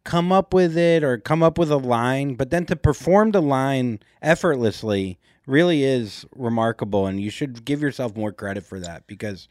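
A man co-hosting a podcast in casual chat, playful and quick to joke. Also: mid-range voice, no room sound, studio quality. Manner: animated, playful, joking. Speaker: podcast co-host.

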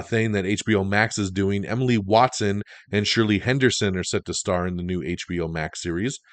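A man hosting a podcast, running through entertainment news in a casual, animated way. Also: on the low side, no echo. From Italian heritage. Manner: animated, chatty, breaks into goofy impressions. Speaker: podcast host.

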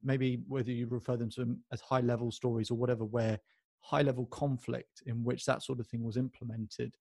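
A man's voice: mid-range voice, level tone, fairly quick, gravelly, mellow, no echo. A man hosting a podcast interview, asking long, enthusiastic, rambling questions with many restarts. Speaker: podcast host.

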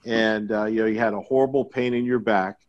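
A man's voice: on the low side, steady tone, a little fast, muffled recording. Man, middle-aged, folksy storyteller, joking, conversational interview guest. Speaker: guest, IT sales consultant.

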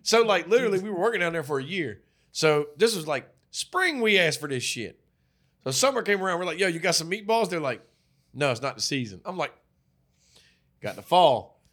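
A man co-hosting a podcast, telling stories in a loud, profane, animated way. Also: high-pitched, fairly quick. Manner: animated, profane storytelling with acted-out quotes. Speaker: podcast co-host. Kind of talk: casual chat.

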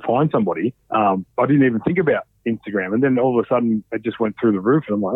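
A man telling stories in a casual, animated way, swearing freely. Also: medium pitch, fast, slightly rough, no echo. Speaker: podcast guest, former reality show contestant. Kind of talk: casual storytelling. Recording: dry, phone-like narrow sound.

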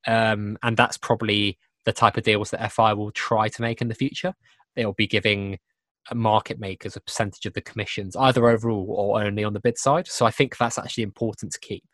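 A man's voice: on the low side, steady tone, fairly quick, a bit bright, dry recording. A young man hosting a casual podcast chat, talking in repeated, self-interrupting bursts. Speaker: podcast host. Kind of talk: casual chat over a video call.

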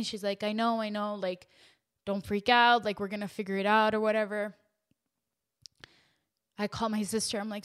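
A young woman hosting a podcast, telling a painful personal story in an emotional, halting way with lots of fillers and restarts. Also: a little high, fairly bright tone, clean tone. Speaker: podcast host.

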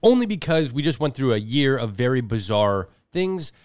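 A man co-hosting a casual podcast, talking in an animated way with quick restarts and playful voice shifts. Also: mid-range voice, dry recording. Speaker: podcast co-host.

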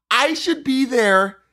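A man's voice: very high voice, animated, extremely slow, pushed and bright. A man co-hosting a podcast, telling a story in casual chat and acting out other people's lines. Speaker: podcast co-host.

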